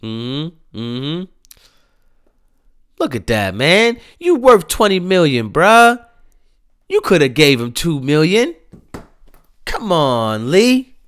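Animated slangy man ranting. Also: a little high, slow, long pauses, clear, resonant tone. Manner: animated, slangy, repetitive exclamations. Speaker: commentary host. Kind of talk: casual opinion commentary.

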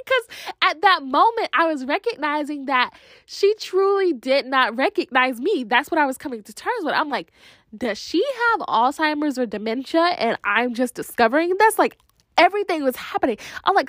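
A woman's voice: high-pitched, moderate pace, no echo, clean studio sound. A young woman vlogging casually, telling a long story full of "like" fillers and quoted back-and-forth, sounding tired. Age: young adult. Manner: chatty, full of "like" fillers, animated quoted dialogue.

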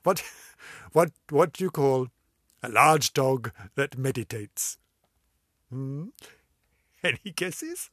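A woman's voice: deep voice, animated, slow, pauses often, breathy edge, no room sound, studio quality. An older woman hosting a casual vlog, telling corny jokes and giggling at them herself. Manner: giggly, laughs at her own jokes, self-mocking. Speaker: vlog host.

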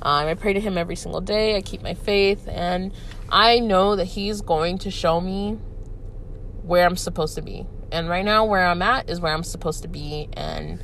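Talking at normal speed in a fairly low, fairly bright voice, a twenty-something woman runs her solo podcast against a faint hiss or hum. She gets honest and emotional, cursing freely and filling her speech with fillers.

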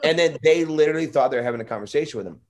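A man hosting a podcast, telling a story in an animated, rambling way and swearing freely. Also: a little high, very fast, background noise. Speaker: podcast host. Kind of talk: casual storytelling.

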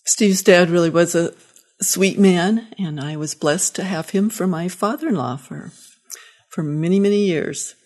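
A woman reads a short story aloud in a gentle, measured storytelling manner. Her voice sits on the lower side for a woman. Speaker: story reader.

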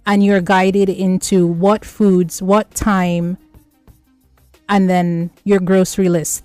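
A woman speaking as a nutrition expert on a radio health show, explaining slowly and listing her points by number. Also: medium pitch, dark tone, no echo.

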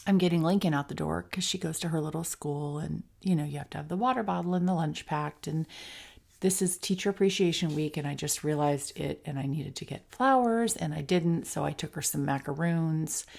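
Low gravelly-voiced woman podcaster. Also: normal speed, a little mellow. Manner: candid, reflective, with frequent fillers. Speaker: podcast host. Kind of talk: personal storytelling monologue.

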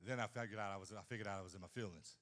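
Fiery preacher man, bright forceful voice. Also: lowish voice, racing. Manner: dramatic swings between shouting and hushed asides; folksy, humorous preaching with repetitions. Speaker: pastor. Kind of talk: sermon. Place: church at a men's conference.

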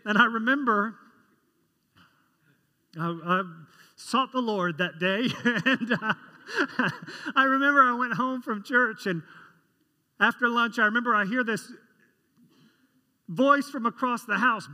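A man's voice: very high-pitched, measured pace, long pauses, pushed and bright. A man preaching a sermon as a pastor, telling stories in a conversational way and asking the congregation questions. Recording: long reverb of a large hall.

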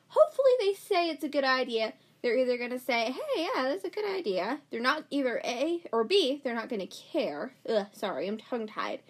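A woman's voice: high-pitched, a bit bright, a little hiss or hum, poor audio. A woman hosting a casual solo podcast, giggly and dramatic, often laughing mid-sentence. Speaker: podcast host.

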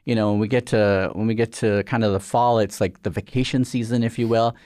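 A man's voice: on the low side, fairly even intonation, fairly quick, a little mellow, no echo, studio quality. A middle-aged Canadian man, a regulator official, talking earnestly as an interview guest with lots of fillers. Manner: rambling, filler-heavy, earnest. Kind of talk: conversational interview.

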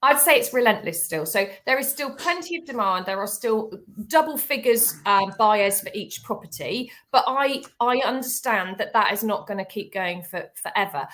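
A woman co-hosting a casual property-industry chat, talking freely with lots of fillers and quick laughs. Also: medium pitch, animated, a bit bright. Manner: chatty, laughs easily, many fillers. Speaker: estate agency co-host.

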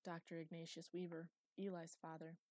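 A calm, measured middle-aged doctor, voiced by a woman reading an audiobook. He speaks evenly in a low, mellow tone. The recording is dry and close. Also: dry recording, lightly acted. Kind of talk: audiobook character voice.

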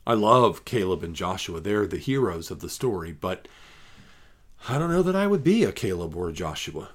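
A man's voice: deep voice, very animated, moderate pace. A man, a pastor, reads scripture aloud and then comments on it in an emphatic, conversational devotional. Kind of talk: Bible reading and devotional commentary.

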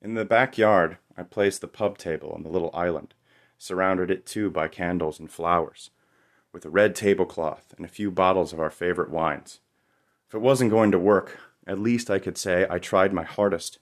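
A man's voice: low-pitched, moderate pace. A young man narrating a first-person memoir story in a wry, confessional way.

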